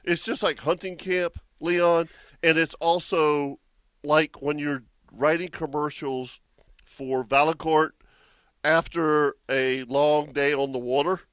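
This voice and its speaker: A man with a drawl who chats in a high voice, animated and quick to laugh, stumbling over repeated words. The sound is dry and close. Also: smooth, dry recording. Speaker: radio fishing show host. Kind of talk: casual chat.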